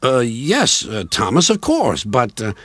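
A man voicing a small, timid young male engine who hesitates and squeaks. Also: huge pitch swings, unhurried, fairly bright tone, slightly rough, heavily acted. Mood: hesitant.

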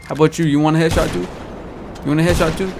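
Young man, gravelly, trash-talking gameplay commentary, gunfire noise behind. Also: a little high, little pitch movement, racing. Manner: trash-talking, repetitive taunts to opponents. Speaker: gaming YouTuber. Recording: noisy with gunfire in the background. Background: game gunfire and explosions.

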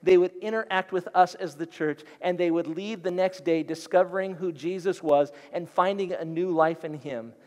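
A middle-aged man, a guest pastor, preaching an animated storytelling sermon in a church. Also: high-pitched, normal speed, few pauses. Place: church sanctuary. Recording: long hall reverb.

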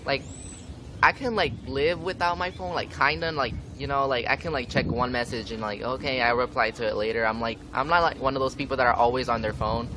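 A young man vlogging outdoors on a windy day, with traffic noise in the recording, rants casually in a mid-range voice. His intonation is fairly even and his pace brisk, and he curses frequently and fills gaps with "like."

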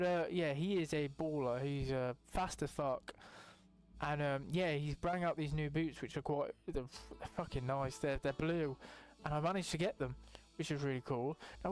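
A young man giving casual, rambling let's-play commentary as a gaming channel host, excitable and swearing freely. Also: fairly high pitch. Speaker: gaming YouTuber.

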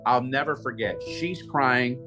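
A man telling a personal story as an interview guest, animated and acting out what others said. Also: medium pitch, measured pace, music in the background. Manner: animated storyteller, repeats "he said" while acting out quotes. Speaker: prophet and guest speaker.

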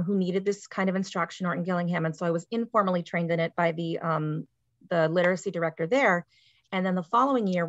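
A woman's voice: on the low side, creaky, a bit bright, no room sound. A woman teacher giving a webinar presentation over a video call, explaining points and checking in with "right?". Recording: dry, dull lo-fi call audio.

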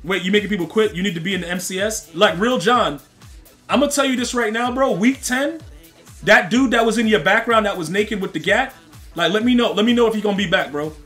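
A young man live-streaming a game talks fairly quickly in a high, bright, forceful voice, with faint music in the background. He rambles in loose slang, addressing both his chat and the opponents he's trash-talking.

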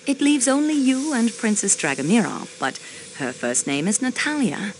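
An actress voicing a sharp young female railway clerk questioning suspects in a mystery game, composed and precise. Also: a little high, expressive, normal speed, slight background noise, lightly acted. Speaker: game protagonist.

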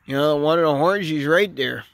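A man's voice: a little high, normal speed, creaky, fairly bright tone, dry recording. A drunk man with a Wisconsin accent, rambling and swearing as he talks to cows outdoors while filming them himself. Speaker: vlogger. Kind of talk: rambling outdoor chat to animals. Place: outdoors by a cow pasture. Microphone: handheld camera he films with.

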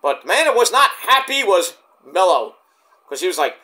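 A man's voice: high voice, very animated, normal speed, sharp tone. A man casually reviewing a wrestling show in a rambling, filler-heavy way, saying he is dead tired.

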